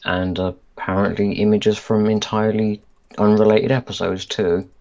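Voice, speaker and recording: Low-voiced man thinking aloud. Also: flat delivery, moderate pace, a little mellow, muffled recording. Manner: thinks aloud, trailing off and restarting sentences. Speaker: podcast co-host. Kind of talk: casual chat reviewing a cartoon episode.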